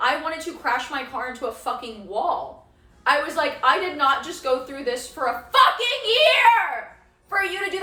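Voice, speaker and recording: A young woman from Texas tells a wild personal story in a casual stream, swearing freely and jumping into the voices of the people she quotes. Her voice sits high and sounds bright and forward. The room gives it a noticeable echo, with faint music underneath. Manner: animated, swearing, dramatic retelling with quoted voices.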